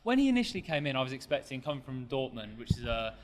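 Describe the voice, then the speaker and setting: A man speaks quickly and thoughtfully as he steers a football fan podcast. His voice sits in the middle of the male range. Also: mid-range voice, big pitch swings. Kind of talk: casual chat.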